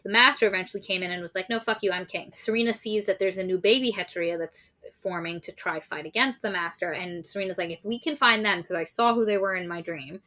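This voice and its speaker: Woman podcaster ranting through a book plot, bright tense voice, swears a lot. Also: fairly low pitch. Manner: animated, sweary, acts out characters mid-summary. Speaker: podcast co-host. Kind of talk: casual book recap chat.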